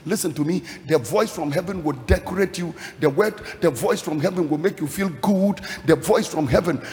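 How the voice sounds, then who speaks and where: A man preaching a sermon with emphatic delivery, swinging from hushed lines to shouted peaks and a chanting, sing-song cadence. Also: sits high, moderate pace, few pauses. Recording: long hall reverb.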